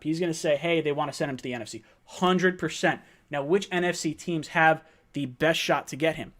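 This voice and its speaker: A young man hosting a sports fan livestream, talking fast and excitedly, thinking out loud with restarts and reading out viewer messages. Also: fairly high pitch. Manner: fast, excitable, thinks aloud with restarts, reads super chats.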